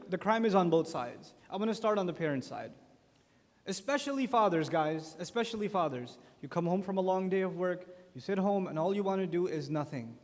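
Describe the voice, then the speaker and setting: Man, conference speaker, religious youth lecture, animated storyteller, high voice, big reverberant hall. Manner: animated storytelling with acted-out quotes. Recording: long echo of a large conference hall.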